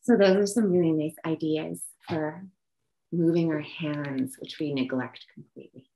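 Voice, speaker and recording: Low-voiced woman guiding gentle hand exercises. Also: moderate pace, low-quality recording. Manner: calm, gentle, switches between French and English. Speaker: workshop co-facilitator. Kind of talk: guided movement instruction. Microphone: video call.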